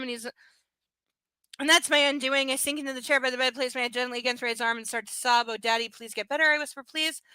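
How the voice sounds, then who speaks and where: A woman's voice: high voice, bright, forceful tone, no room sound. Sarcastic woman reading aloud live. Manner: sarcastic, profane asides. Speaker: livestream reader. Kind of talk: live reading with mocking commentary.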